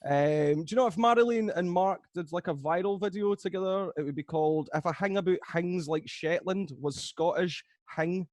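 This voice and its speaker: A man's voice: high-pitched, normal speed, few pauses, a little mellow, no room sound, studio quality. A man hosting a comedy game show over a video call, teasing the players and laughing at his own jokes.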